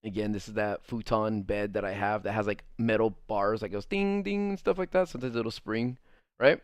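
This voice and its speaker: A man's voice: lowish voice, brisk, clean tone, no room sound, clean studio sound. A young man casually telling a funny story, laughing often and acting out what others said. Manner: animated, laughing often, quoting others in acted voices.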